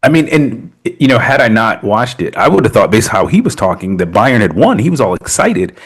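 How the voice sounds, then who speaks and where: A man co-hosting a football podcast in casual chat, laid-back and quick to agree. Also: on the low side, sing-song, slightly rough. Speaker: podcast co-host.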